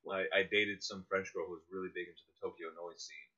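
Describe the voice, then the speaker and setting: A man co-hosting a casual radio chat, telling animated anecdotes and laughing often. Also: low-pitched, fast. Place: small one-room apartment. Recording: dull lo-fi radio recording.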